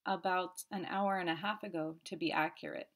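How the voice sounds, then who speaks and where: A woman's voice: lowish voice, steady tone, moderate pace, close to an everyday voice. A woman voicing a flustered male army captain who speaks meekly and apologetically. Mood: sheepish. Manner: meek, apologetic.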